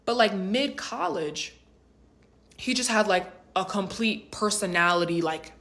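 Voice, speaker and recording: A woman's voice: medium pitch, lively intonation, a little slow, fairly bright tone. A woman in her twenties telling a dramatic personal story in a chatty, slangy vlog style. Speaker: vlogger.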